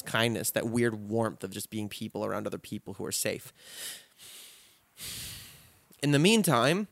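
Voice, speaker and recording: An earnest male podcast host delivers a rousing, profanity-laced pep talk to his listeners. His voice sits at an average pitch. The sound is dry and close, with no room around it. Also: a bit bright, dry recording. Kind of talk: impassioned solo podcast sign-off.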